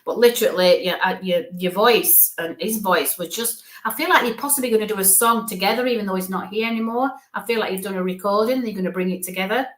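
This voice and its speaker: A woman, a psychic medium giving a live-streamed reading in an affectionate, reassuring, chatty way. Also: mid-range voice. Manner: warm, affectionate, talks in quick asides. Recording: echoey room.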